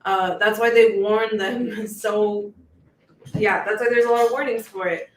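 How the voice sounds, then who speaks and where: A person speaking casually as a guest on a livestream, unhurried and full of fillers like "you know" and "um". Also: medium pitch, steady tone, echoey room, recorded from a distance.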